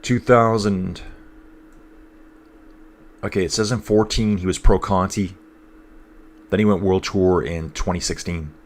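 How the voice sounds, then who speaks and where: Reading viewers' comments while casually covering a live race, a man speaks in a very low voice with a slightly stuffy nose. He keeps a normal speed and fairly even intonation, and his tone is a little mellow.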